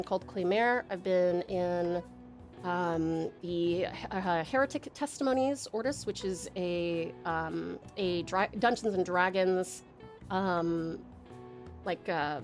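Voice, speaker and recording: A woman streamer and voice actor in casual live-stream chat, rambling with many ums as she reads viewer messages aloud from home. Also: mid-range voice.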